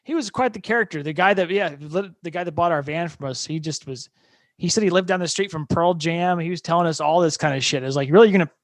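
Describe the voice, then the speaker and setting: A man's voice: a little high, fast talker, a bit bright, no echo. A man from Fort Wayne, Indiana, a rock guitarist and podcast guest, telling loose, rambling band stories with frequent laughs and casual swearing. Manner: rambling storyteller, laughs often, loose and profane.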